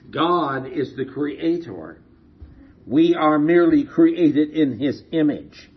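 A man preaching a sermon, telling a story slowly and asking rhetorical questions, heard on a dull lo-fi recording. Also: fairly high pitch, expressive, a little hiss or hum.

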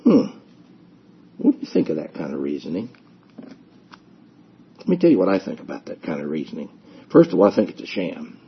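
A man's voice: medium pitch, husky, muffled recording. A man preaching a sermon with emphasis, repeating his key phrases and acting out people's excuses.

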